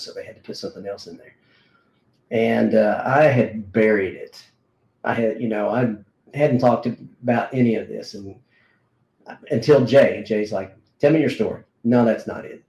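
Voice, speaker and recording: A middle-aged man, a martial arts instructor, tells a personal story in a relaxed, halting way, with many fillers and restarts. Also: lowish voice. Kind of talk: casual conversational storytelling. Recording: roomy echo.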